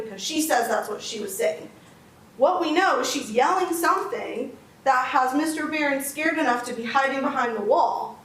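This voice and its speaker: A woman prosecutor walks a jury through the law step by step, stressing each point with emphasis. Her voice sits somewhat high. She is picked up from a distance in an echoey courtroom, with faint noise underneath. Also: lively intonation, normal speed. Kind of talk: closing argument to a jury.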